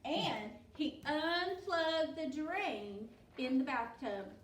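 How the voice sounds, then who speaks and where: Woman teacher reading aloud to kids; slow, encouraging, quizzing pupils, distant mic with faint ambience. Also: high-pitched, animated, roomy sound, slight background noise. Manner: encouraging, asks pupils questions by name. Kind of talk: reading a picture book to children.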